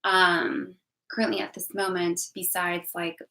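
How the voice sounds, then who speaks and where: A woman's voice: lowish voice, flat delivery, unhurried, sharp tone, low-quality recording. A young woman vlogging candidly about a hard year, rambling emotionally with many restarts and repeated words. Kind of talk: candid personal vlog talk.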